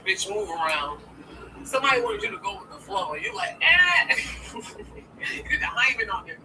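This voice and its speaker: A woman's voice: medium pitch, fairly quick. A woman giving a casual tarot reading to her viewers, blunt and profane, often asking "okay?". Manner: keeps checking in with "okay?". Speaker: tarot reader. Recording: distant mic with steady background noise.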